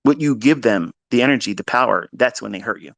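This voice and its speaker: A man giving a blunt, profane trading lecture, hammering points with repetition and swinging between loud bursts and low asides. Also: lively intonation, fairly quick, creaky, no echo. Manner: blunt, heavy swearing, emphatic repetition. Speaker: trading educator.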